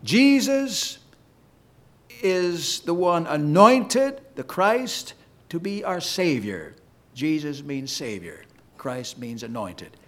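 Slow, emphatic preaching man. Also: big pitch swings. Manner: emphatic, slow preaching cadence with sweeping pitch. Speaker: pastor. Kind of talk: sermon.

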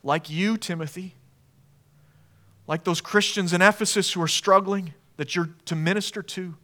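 A pastor delivering a sermon in a church, moving between quiet, hushed passages and raised, emphatic ones. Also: male voice, high-pitched, steady tone, normal speed. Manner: dynamic preaching, swinging from hushed to emphatic. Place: church sanctuary.

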